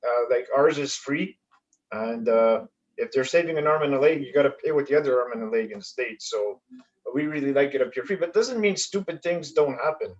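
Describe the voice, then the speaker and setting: Halting Canadian man doing stand-up. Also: mid-range voice, dull audio. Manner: halting delivery with many fillers. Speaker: stand-up comedian. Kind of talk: stand-up comedy set. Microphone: video call.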